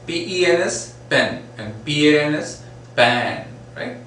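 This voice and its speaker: A man teaching a phonetics lesson, repeating example words slowly and asking "right?" often. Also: a little high, lively intonation, fairly bright tone. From India. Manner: frequent "right?" and "uh, say" fillers. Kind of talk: phonetics lecture. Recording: echoey room, mic at a distance, faint noise.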